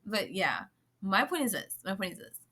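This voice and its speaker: A young woman talking casually to camera in a vlog, animated and swearing freely, often laughing and slipping into playful voices. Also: medium pitch, moderate pace, slightly rough. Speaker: vlogger.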